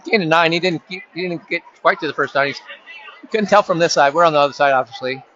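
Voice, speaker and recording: Casting: male local sports announcer, rambling and jokey, bright voice, faint crowd noise behind. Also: on the high side, quick pace. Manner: chatty, rambling, jokes aside to friends. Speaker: play-by-play announcer. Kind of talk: casual local sports commentary. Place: high school football stadium. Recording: dull lo-fi sound with faint crowd ambience.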